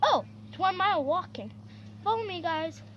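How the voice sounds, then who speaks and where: A woman narrating a pretend-play video to her viewers, excitable and chatty. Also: extremely high pitch, moderate pace, lo-fi sound, a little hiss or hum. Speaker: vlogger narrating toy play.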